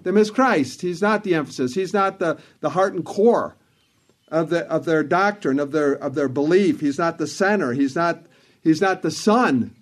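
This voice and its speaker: Earnest preacher man, fairly high voice. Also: moderate pace. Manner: earnest, emphatic, repeats phrases for stress. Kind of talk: sermon.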